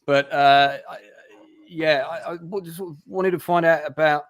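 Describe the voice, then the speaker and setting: A man's voice: a little high, steady tone, a little slow, no echo, lo-fi sound. Chatty British male interview host. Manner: chatty, encouraging. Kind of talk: hosting an interview stream.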